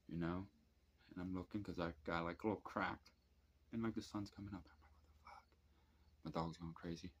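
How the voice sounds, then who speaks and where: A man's voice: sits low, husky. A man in his thirties ranting casually to camera at night, telling rambling, profane stories with many fillers. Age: 30s. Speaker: vlogger. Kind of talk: casual late-night rant. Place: at home at night, drinking and smoking.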